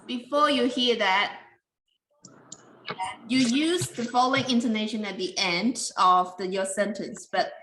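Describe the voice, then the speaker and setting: Woman teacher on a video call, bright voice, kinda echoey room, explains things slow and patient. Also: fairly high pitch, slight background noise. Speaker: English teacher. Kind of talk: online English lesson.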